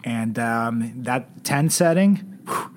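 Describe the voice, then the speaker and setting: A man's voice: mid-range voice, expressive, slow pace, background noise. A young man co-hosting a podcast, joking and riffing crudely with a giggly laugh in casual chat. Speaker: podcast co-host.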